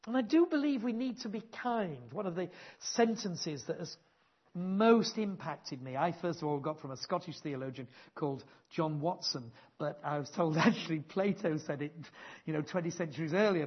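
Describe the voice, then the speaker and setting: A man preaching a sermon, earnest and emphatic, with gentle self-deprecating asides and rising stresses on key words. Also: fairly high pitch, animated, moderate pace, husky, dull audio.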